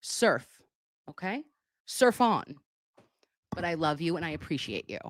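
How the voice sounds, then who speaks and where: A woman's voice: sits low, very animated, a little slow. A woman hosting a casual live stream on a webcam, chatty and joking as she reads viewer messages aloud. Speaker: livestream commentator.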